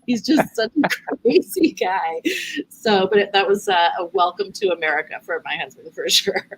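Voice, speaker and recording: A woman talking as a guest on a live video call, a lively storyteller who laughs easily. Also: medium pitch, moderate pace, breathy edge, rough recording. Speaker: guest from a hospitality charity. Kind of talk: casual chat on a live stream.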